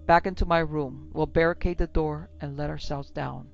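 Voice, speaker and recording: A hard, curt male cavalry officer barks orders in a gravelly, narrow-ranged voice, put on by a storyteller. The sound is slightly muffled, with faint music underneath. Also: low-pitched, steady tone, normal speed, a little mellow. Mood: urgent commands. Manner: curt, commanding.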